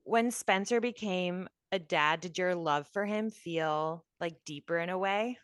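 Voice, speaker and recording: A woman's voice: fairly low pitch, measured pace, smooth, no echo, clean studio sound. A woman co-hosting a casual interview, asking questions and affirming her guest. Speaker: podcast co-host.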